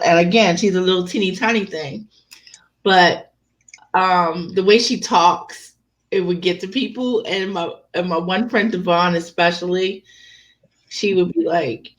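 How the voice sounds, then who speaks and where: A woman telling personal stories in casual chat, animated and laughing often, swearing freely. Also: on the low side.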